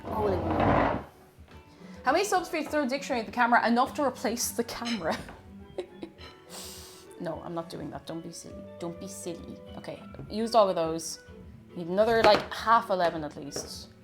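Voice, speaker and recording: A woman's voice: medium pitch, expressive, brisk, pauses often, over music. A woman with an Irish accent casually chatting with her livestream viewers while baking, playfully greeting them by name. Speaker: livestream host.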